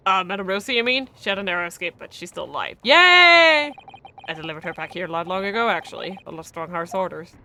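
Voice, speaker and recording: A woman reading out the lines of a put-upon male police inspector in a gruff, grumbling voice, a little lower than her own. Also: expressive, quick pace, pushed and bright, a little hiss or hum.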